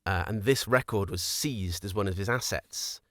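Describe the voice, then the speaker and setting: A man's voice: fairly low pitch, normal speed, a bit bright, no echo, clean studio sound. A man co-hosting a podcast, telling a rambling story in casual chat and laughing often. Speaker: podcast co-host.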